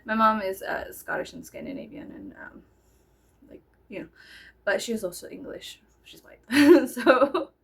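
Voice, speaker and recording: A woman's voice: fairly high pitch, lively intonation, unhurried, creaky, breathy edge. A young woman from Texas, telling a story in a rambling, giggly casual chat and swearing freely. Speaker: storyteller vlogger.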